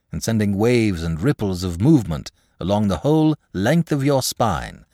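A man narrating a classic tale in a highly expressive, dramatic storytelling manner. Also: no room sound, clean studio sound.

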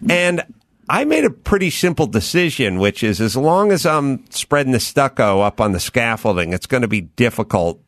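A man's voice: mid-range voice, sing-song, moderate pace, no room sound. A middle-aged man hosting a podcast, quoting his own thoughts in a self-deprecating way. His voice rises and falls a lot, and the close mic sounds dry. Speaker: podcast host. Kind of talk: casual storytelling chat.

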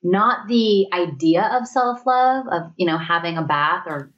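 A woman's voice: fairly low pitch, animated, measured pace. Earnest woman telling her story, muffled sound. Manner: earnest, reflective, often quotes her own thoughts. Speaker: guest. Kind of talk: candid storytelling in conversation.

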